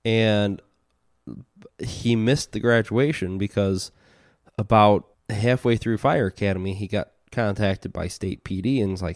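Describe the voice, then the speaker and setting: A man's voice: fairly low pitch, fairly even intonation, unhurried, no room sound, studio quality. A tipsy man co-hosting a podcast, telling work stories in crude, joking banter. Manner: joking, swearing storyteller. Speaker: podcast co-host. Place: basement.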